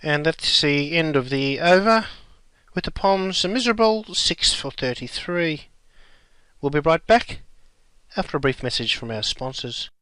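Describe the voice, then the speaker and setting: A man doing a smooth TV cricket commentator. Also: on the high side, animated, sharp tone, dry recording. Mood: wry. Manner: measured broadcast commentary delivery. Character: pompous male TV cricket commentator. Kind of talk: scripted comedy sketch.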